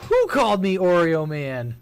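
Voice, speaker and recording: Man, high-pitched, blunt, profane, casual CB radio chat. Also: huge pitch swings, moderate pace, very noisy. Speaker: CB radio station operator. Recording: CB radio transmission.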